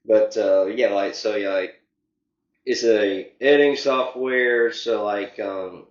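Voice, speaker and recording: Young man, low voice, rambling filler-heavy answers; roomy, slightly muffled recording. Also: takes it slowly. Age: young adult. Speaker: interview guest. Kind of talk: casual interview.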